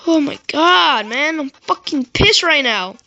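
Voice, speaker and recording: A gaming YouTuber giving raging gameplay commentary, swearing and yelling in frustration and muttering to himself between outbursts. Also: sits high, animated, a little slow, muffled recording, music in the background.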